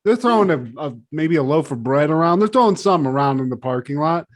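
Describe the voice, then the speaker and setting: High-voiced animated man. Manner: animated, swearing, acting out scenes in quick voices. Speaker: podcast co-host. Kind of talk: casual comedic chat.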